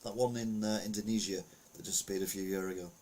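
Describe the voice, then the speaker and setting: Husky man rambling through the news. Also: lowish voice, steady tone, quick pace, warm tone. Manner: rambling, frequent fillers and restarts. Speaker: podcast host. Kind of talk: casual opinion commentary.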